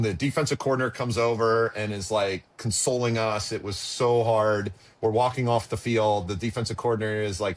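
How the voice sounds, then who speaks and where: A middle-aged man telling a personal story as a podcast guest, halting and emotional with frequent restarts. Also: fairly low pitch, a bit bright. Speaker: podcast guest, former pitcher and father.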